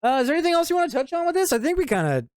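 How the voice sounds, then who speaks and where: A man's voice: very high voice, very animated, very fast, dry recording. A man co-hosting a casual movie review podcast, laid-back and profane. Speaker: podcast co-host.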